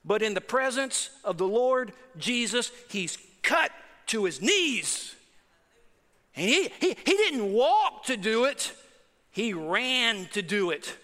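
High-voiced, slow, emphatic male pastor. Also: big pitch swings, bright, forceful tone, in a large hall. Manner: emphatic, repetitive preaching. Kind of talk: sermon.

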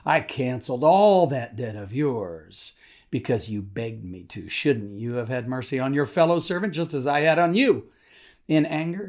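A man, a pastor giving a daily devotional, reading scripture and reflecting earnestly with soft asides. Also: medium pitch, vocal fry. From Nashville, Tennessee.

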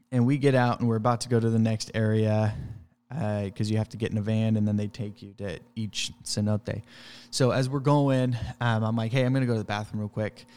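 A man's voice: fairly low pitch, darkish tone, clean tone, big-room sound. A man who works in pest control tells a travel story casually, rambling with fillers and restarts.

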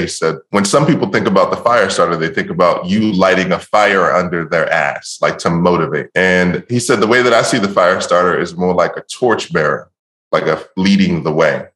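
Very deep-voiced man in an echoey room. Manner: animated storyteller, laughs often. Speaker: podcast guest, empowerment coach. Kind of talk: casual storytelling chat. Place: home room on a call. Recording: roomy echo.

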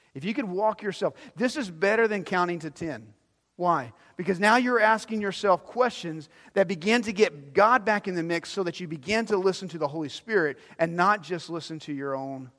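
A man preaching a sermon as pastor, animated, swinging between loud emphasis and hushed low lines. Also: in a large hall.

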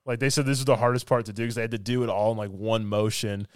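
A man on a podcast excitedly retelling scenes from a film, laughing often as he talks. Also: fairly low pitch, fast talker, clear, resonant tone, no echo, clean studio sound. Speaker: podcast co-host. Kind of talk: casual film review chat.

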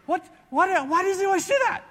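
A man voicing a teenage boy athlete who complains in a high, agitated way. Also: quick pace, a bit bright, big-room sound. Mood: freaked out.

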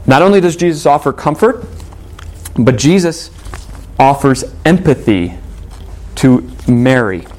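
A man's voice: medium pitch, lively intonation, unhurried, long pauses, a little mellow. A man preaching a sermon as a pastor, reading scripture aloud and asking rhetorical questions in an earnest tone.

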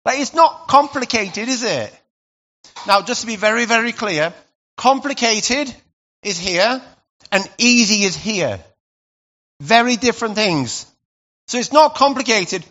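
A male pastor delivers a sermon in a high, ringing voice. He talks to the congregation casually, then bursts out loudly for emphasis. The recording sounds a little muffled. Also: unhurried, long pauses. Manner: animated, conversational preaching with sudden loud bursts.

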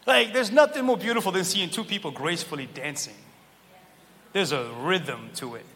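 A man preaching a sermon in a church, animated and joking, pulling the crowd in with questions. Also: high-pitched, moderate pace. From Cape Verdean heritage. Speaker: pastor. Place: large church hall. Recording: long church hall reverb, faint room noise.

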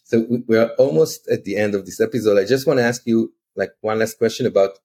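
Low husky male podcast host. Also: fast talker. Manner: brief affirmations, relaxed questions. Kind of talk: interview questions.

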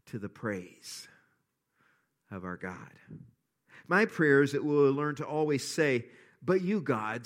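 A male pastor preaching a sermon and reading scripture, earnest, dropping to hushed lows and rising to impassioned appeals.

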